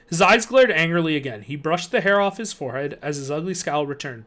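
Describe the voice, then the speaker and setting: A man reading a spooky children's book aloud on a live stream, expressive and ready with a joking aside. His voice sits a touch high for a man. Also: quick pace, hardly any pauses.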